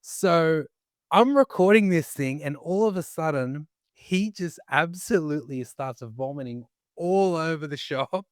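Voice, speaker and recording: A man co-hosting a podcast, telling an anecdote excitedly with frequent restarts. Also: fairly high pitch, unhurried, dry recording, studio quality. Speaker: podcast co-host. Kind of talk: casual anecdote.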